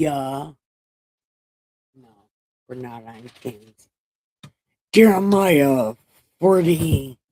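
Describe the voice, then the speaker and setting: A woman's voice: lowish voice, expressive, slow, long pauses, a little mellow, dry recording. A woman hosting a casual livestream Bible reading from home, joking, swearing and playfully boastful. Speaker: host reading the Bible aloud.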